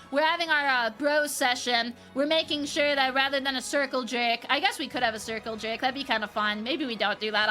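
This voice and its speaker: A woman's voice: on the high side, sharp tone. A young adult woman streamer chatting casually with viewers, reading their messages and swearing freely. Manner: chatty, swears casually, reads chat aloud.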